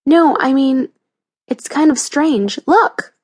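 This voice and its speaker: A woman reading an audiobook, voicing an eager, curious girl in a lifted, lively way. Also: high voice, normal speed, no room sound, clean studio sound.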